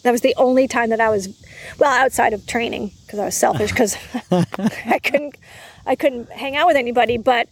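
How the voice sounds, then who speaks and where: A woman's voice: fairly high pitch, normal speed. A woman telling a personal story in a casual interview. She acts out the voices of people she quotes. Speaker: guest.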